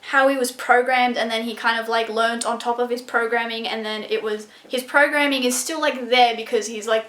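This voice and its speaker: A young woman reviewing a book in a casual vlog, excitable and gushing, full of "like" and swearing. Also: fairly high pitch. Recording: echoey room.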